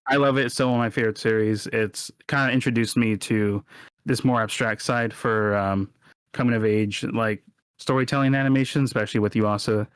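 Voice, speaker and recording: A man's voice: on the low side, steady tone, brisk, smooth, no room sound. A man co-hosting a casual podcast chat, rambling and often correcting himself, laughing easily. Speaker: podcast co-host.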